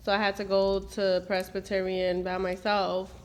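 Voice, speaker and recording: Reminiscing emotionally about her family, a middle-aged mother and host switches into Spanish at times and performs remembered quotes. She speaks at normal speed in a flat, mid-range voice.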